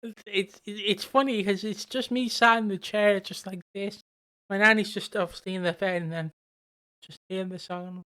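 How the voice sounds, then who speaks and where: Smooth-voiced rambling podcaster. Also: medium pitch, steady tone, moderate pace, pushed and bright. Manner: rambling storyteller, swears freely. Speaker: podcast co-host. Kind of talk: casual chat.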